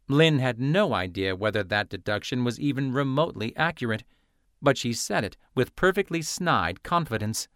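A man reading a novel aloud as an audiobook narrator, in steady scripted narration. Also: mid-range voice, normal speed, dry recording, studio quality.

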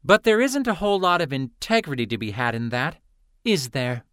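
A man's voice: mid-range voice, lively intonation, normal speed, a bit bright, clear, resonant tone, no echo, clean studio sound, lightly acted. A man voicing a condescending, cutting young female student in an audiobook.

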